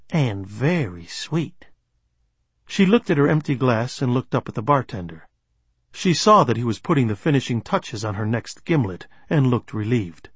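A man's voice: medium pitch, slightly rough, no room sound. A man narrating a first-person crime novel in a dry, understated way. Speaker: audiobook narrator.

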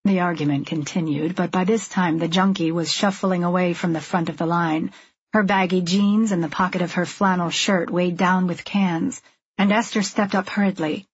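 Husky-voiced woman reading a novel. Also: lowish voice, fairly even intonation, moderate pace, dry recording, muffled recording. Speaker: audiobook narrator. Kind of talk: scripted narration.

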